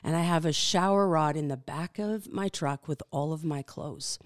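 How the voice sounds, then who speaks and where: A woman in her fifties speaks with a notably low voice, recorded dry and close with no room sound. She tells her personal faith story as a podcast guest, reflective and halting, often pausing on fillers. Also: no room sound.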